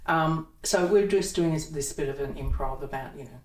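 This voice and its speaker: A woman's voice: sits low, moderate pace, few pauses. A woman, an actor, chatting as a guest in an interview, rambling and laughing often. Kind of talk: casual interview chat. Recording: echoey room, mic at a distance, faint noise.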